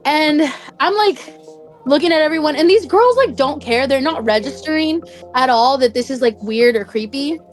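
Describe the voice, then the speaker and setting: A woman's voice: high voice, lively intonation, normal speed, faint music behind. A young woman casually telling a personal story, chatty and full of "like" fillers. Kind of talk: casual spoken anecdote.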